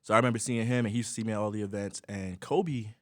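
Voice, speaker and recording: A man's voice: on the low side, racing, no room sound, studio quality. A young man from Brooklyn, co-hosting a casual chat and telling a story with lots of laughter and acted-out quotes. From Brooklyn, New York. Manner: animated storyteller, laughs often, acts out quotes. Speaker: podcast co-host.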